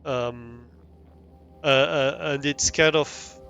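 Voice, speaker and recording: A man's voice: mid-range voice, fairly even intonation, extremely slow, fairly bright tone, soft background music. A man with a French accent chatting casually while livestreaming a game, rambling with frequent restarts and easy laughs. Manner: rambling, many restarts and ums, laughs easily.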